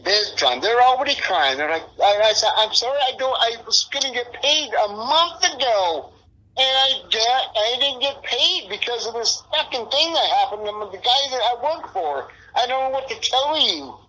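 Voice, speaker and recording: A man's voice: very high-pitched, very animated, moderate pace, pushed and bright, low-quality recording. A middle-aged man being interviewed, talking in a rambling, profane, frustrated way. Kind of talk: casual interview.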